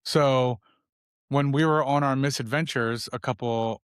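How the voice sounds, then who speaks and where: Animated middle-aged man, smooth close voice. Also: medium pitch, measured pace, no room sound. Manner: animated storyteller, acts out his kids' voices. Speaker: podcast co-host. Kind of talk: casual podcast chat.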